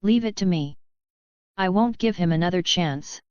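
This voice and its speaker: Woman reading angry clever witch girl, lowish smooth voice, kinda muffled. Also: a little mellow, dry recording, close to an everyday voice. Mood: determined. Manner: furious outbursts, quick and commanding. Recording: muffled lo-fi recording.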